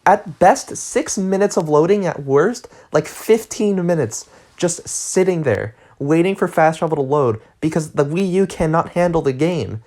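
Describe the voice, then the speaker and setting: A woman's voice: deep voice, lively intonation, a little slow, dark tone. A woman giving casual, exasperated game commentary, rambling and sarcastic as she walks through a side quest. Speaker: gaming video creator.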